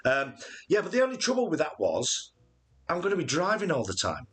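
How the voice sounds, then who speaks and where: A man's voice: a little high, huge pitch swings, fairly quick, a bit bright, husky, faint music behind. A man in his late forties, co-hosting a live Q&A stream with a joking, rambling manner full of fillers. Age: 40s. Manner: jokey and rambling, with many fillers. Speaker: channel co-host.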